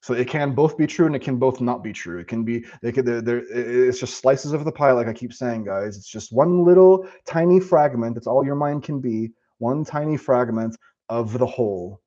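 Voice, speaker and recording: Guy on a live stream rambling and swearing, mid-pitch voice, kinda muffled lo-fi audio. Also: normal speed. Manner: profane, rambling, animated. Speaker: live streamer answering chat. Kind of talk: casual spiritual talk.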